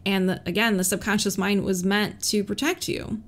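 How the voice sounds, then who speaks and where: A woman's voice: medium pitch, normal speed. Earnest woman sharing hard-won advice. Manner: earnest and candid, laughs between thoughts, repeats calming phrases. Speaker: police officer sharing her recovery story. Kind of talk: personal advice vlog.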